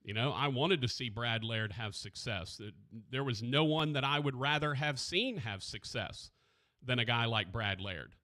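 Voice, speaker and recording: A man hosting a sports radio show, talking haltingly and with grief, searching for his words, close to a studio mic. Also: medium pitch, bright, forceful tone. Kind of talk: emotional radio talk. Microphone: studio microphone.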